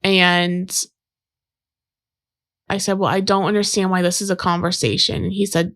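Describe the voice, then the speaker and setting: Woman recounting a relationship story, lowish voice. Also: level tone, moderate pace, pauses often, a bit bright. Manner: conversational, recounting with quoted dialogue and fillers. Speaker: podcast guest. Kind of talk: personal storytelling.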